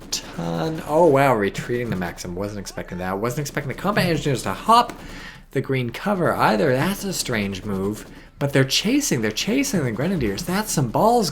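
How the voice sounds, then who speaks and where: A tipsy man doing casual, rambling game commentary as a shoutcaster, swearing freely and making self-mocking asides. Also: mid-range voice, a little hiss or hum. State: tipsy from wine.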